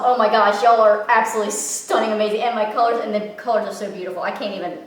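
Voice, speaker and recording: A young woman from Louisiana, excitedly unboxing a package and gushing and gasping in delight. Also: fairly high pitch, fast, few pauses. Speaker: vlogger. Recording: echoey room, from a distance.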